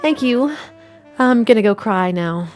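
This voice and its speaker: A woman doing a high, timid young cosplayer girl. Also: lively intonation, a little slow, a little mellow, faint music behind. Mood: shy, gushing. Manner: timid, gushing.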